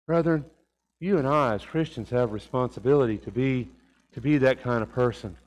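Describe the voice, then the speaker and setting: A man's voice: mid-range voice, normal speed, a little mellow. A man preaching a sermon to his congregation in a folksy manner, asking them rhetorical questions. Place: church sanctuary. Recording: long reverb of a church hall.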